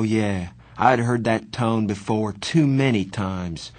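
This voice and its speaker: A man narrating a novel in the first person, earnest and measured. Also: fairly low pitch. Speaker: audiobook narrator.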